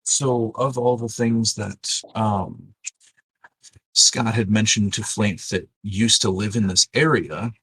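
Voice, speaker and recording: Husky, low-voiced male player. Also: fairly even intonation, takes it slowly, fairly bright tone, dry recording, low-quality recording. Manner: inquisitive, hesitant. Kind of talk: casual tabletop play.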